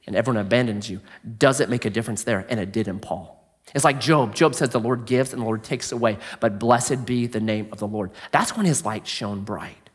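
Guy preaching, high voice, swings up and down a lot, asks the crowd stuff then goes all hushed. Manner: animated storyteller, asks the audience questions, drops to a hush for emphasis. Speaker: pastor. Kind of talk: sermon.

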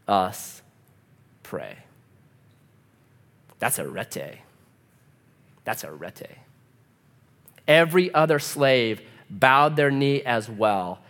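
Male pastor preaching in an echoing hall. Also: on the high side. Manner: animated storytelling, acts out quoted voices. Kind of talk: sermon.

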